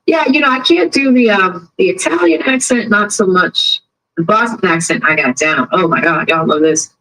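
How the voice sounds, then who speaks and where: A woman's voice: on the low side, normal speed, poor audio. A woman hosting a casual live stream. She chats with viewers and tells stories, acting out the people she quotes. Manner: chatty, animated storyteller who acts out quotes. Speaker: live stream host covering a trial.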